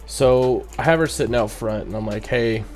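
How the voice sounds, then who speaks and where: A man's voice: medium pitch, moderate pace, a little mellow, soft background music. A young man, a bartender, casually telling a story and rambling with frequent "you know what I mean" asides.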